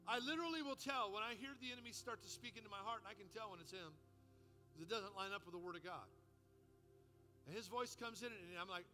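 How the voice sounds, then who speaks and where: A man's voice: high-pitched, fast, bright, forceful tone. A man preaching a sermon as pastor, impassioned and commanding, in a church sanctuary. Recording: music under a reverberant hall.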